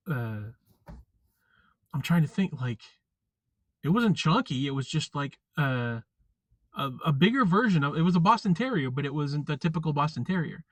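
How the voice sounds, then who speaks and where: A man chatting casually on a live stream, rambling and halting with lots of fillers and restarts. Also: a little high, no room sound. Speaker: vlogger.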